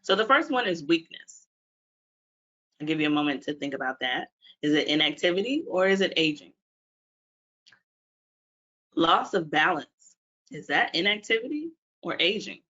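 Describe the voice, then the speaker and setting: A woman's voice: low voice, big pitch swings, moderate pace, long pauses, a bit bright. A woman from Washington, D.C., a physical therapist, presenting a webinar and putting questions to her audience. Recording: dull lo-fi webinar audio.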